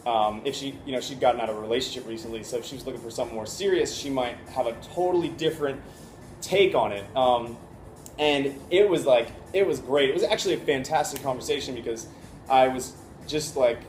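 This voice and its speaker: A man in his twenties telling a story in a casual vlog, animated and full of fillers like "like" and "you know". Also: medium pitch, fairly quick, faint music behind. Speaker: vlogger. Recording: echoey room, faint ambient noise.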